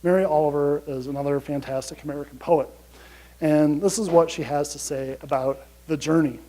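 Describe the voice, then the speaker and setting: Brief: high-pitched male conference speaker, energetic, chatty, keeps checking in with the crowd. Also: brisk, low-quality recording. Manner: energetic, chatty, repeats "you gotta" and "right?". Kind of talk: motivational conference talk.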